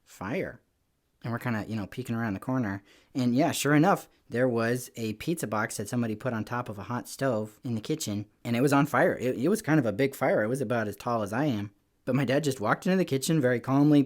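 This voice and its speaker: A man giving a lively children's church lesson, telling stories in an animated, playful way with little voices. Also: medium pitch. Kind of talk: lively kids' lesson talk.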